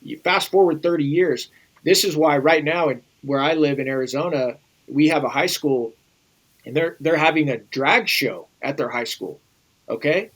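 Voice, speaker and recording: A man's voice: fairly high pitch, moderate pace, fairly bright tone, rough recording. A man speaking as an interview guest in an urgent, emphatic way, often repeating phrases. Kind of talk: earnest interview conversation.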